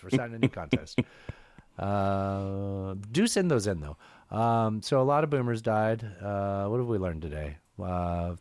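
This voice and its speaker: A man's voice: fairly low pitch, darkish tone, no echo. A man hosting a podcast in a loose, joking, rambling way, with lots of fillers. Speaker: podcast host. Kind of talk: casual chat.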